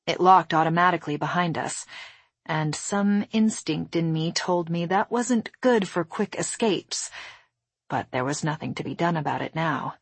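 A woman narrating a first-person novel in a steady, measured storytelling voice. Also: low-pitched, husky, no echo. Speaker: audiobook narrator.

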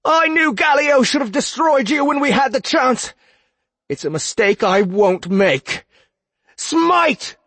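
A man reading an audiobook voices a wounded, zealous male warrior, shouting in strained fury. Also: very high-pitched, sing-song, slow, husky, dry recording, pitched above the performer's own voice, exaggerated voice. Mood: furious. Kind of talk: audiobook character voice.

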